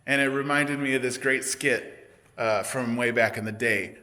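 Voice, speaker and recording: A man's voice: medium pitch, fairly even intonation, normal speed, sharp tone. A young man vlogging in a rambling, self-mocking monologue with frequent hesitations.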